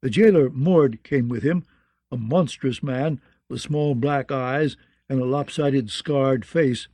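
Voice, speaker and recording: A man narrating a fantasy audiobook in a measured, descriptive way, close to the mic. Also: mid-range voice, warm tone, dry recording.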